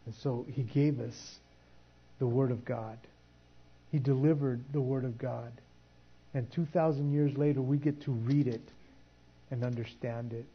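A man's voice: medium pitch, steady tone, unhurried, long pauses, husky, dull audio. A man preaching a sermon in a conversational way, often restarting his sentences. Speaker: pastor.

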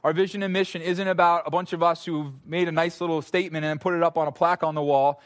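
A male pastor preaches at an evening church service, his voice sitting a touch high for a man. He talks to the congregation like friends, spinning animated, casual stories with playful little asides. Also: fast talker. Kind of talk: sermon.

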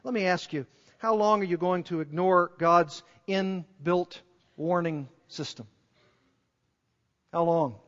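A man's voice: high voice, takes it slowly, pauses often, a bit bright. A man preaching a sermon in an earnest, emphatic way, pressing his listeners with repeated rhetorical questions. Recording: dull recording with long hall reverb.

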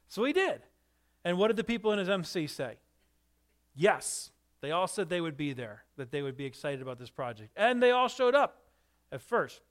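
Lively male pastor telling a story. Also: high-pitched, normal speed. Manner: animated, asks the listeners questions. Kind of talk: sermon storytelling.

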